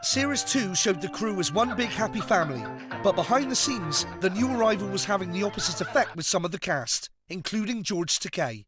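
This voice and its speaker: A man from Britain narrating a comic documentary in an excitable, playful way. His voice sits high and swings widely in pitch, with music playing loudly behind him. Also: fairly quick. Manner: excitable and playful, shouting and clowning. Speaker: presenter and narrator.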